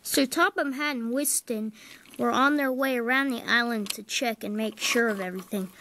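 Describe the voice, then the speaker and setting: A woman narrating a homemade toy train story in a plain, unhurried way. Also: fairly high pitch, sharp tone, a little hiss or hum.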